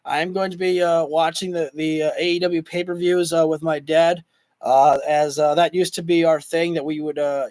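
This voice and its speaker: Hosting a wrestling livestream, a man chats casually with his viewers, rambling excitably and filling his speech with fillers as his voice gives out. His pitch is fairly high, he talks at a normal speed, and the recording is dry.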